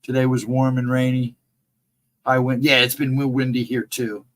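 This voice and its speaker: A man chatting on a livestream and greeting viewers by name, in a rambling casual way, his voice hoarse and cracking from laryngitis. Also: medium pitch, completely flat delivery, moderate pace, poor audio. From central Ohio, United States. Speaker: livestream co-host.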